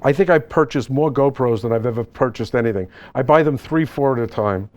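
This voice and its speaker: Animated joking man giving a seminar. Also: medium pitch, fairly quick, lo-fi sound. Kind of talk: live seminar talk with slides. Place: seminar event space.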